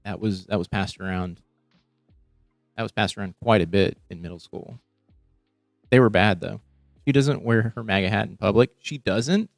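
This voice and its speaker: A man's voice: on the low side, moderate pace, vocal fry, pauses often, dry recording, soft background music. Sarcastic young man reacting on a stream. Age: young adult. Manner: profane, sarcastic, mutters asides. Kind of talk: live reaction stream commentary.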